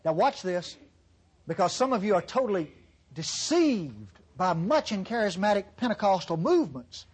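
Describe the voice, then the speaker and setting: A man's voice: high voice, big pitch swings, normal speed, a little mellow, breathy edge. A middle-aged man preaching a sermon in a church, emphatic and repetitive, with sarcastic asides.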